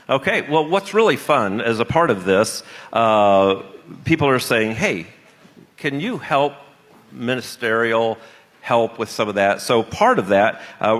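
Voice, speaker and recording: A man chairing a church business session, relaxed and joking, with plenty of fillers as he calls votes. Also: medium pitch. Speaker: conference superintendent chairing. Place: large conference hall. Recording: long reverb of a large conference hall.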